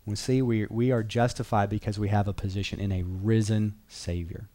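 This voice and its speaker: A man's voice: fairly low pitch, fairly even intonation, moderate pace, mellow. A man teaching a Bible class in an earnest, conversational way, repeating key phrases and reading verses aloud.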